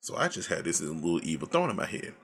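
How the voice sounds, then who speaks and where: A man telling a casual, profane story from his old job, animated and laid back, full of slang. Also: sits low, fast talker, breathy edge. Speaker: storyteller recounting past work.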